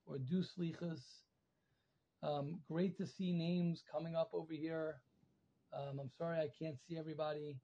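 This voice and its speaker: A man teaching a Torah class to alumni over a video call, emphatic and repetitive, pleading as he rises in pitch and volume. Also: mellow, breathy edge. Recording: dull lo-fi call audio.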